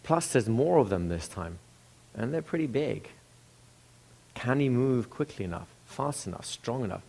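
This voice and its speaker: A man's voice: mid-range voice, lively intonation, normal speed, vocal fry, a little mellow. A man telling a story in a casual, conversational way, with restarts and asides to the listener.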